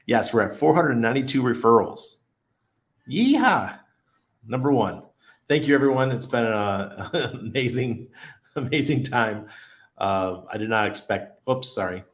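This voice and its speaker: A man's voice: medium pitch, moderate pace. A middle-aged man hosting a casual crypto live stream, chatty and laid-back, often laughing as he reads the chat aloud. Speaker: crypto livestream host.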